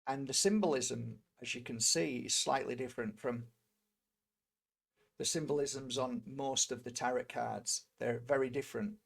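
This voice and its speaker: A British energy healer and tarot reader in middle age talks at normal speed in a steady, gravelly, mid-range voice with a breathy edge. His personal story drifts, broken up by frequent fillers and restarts.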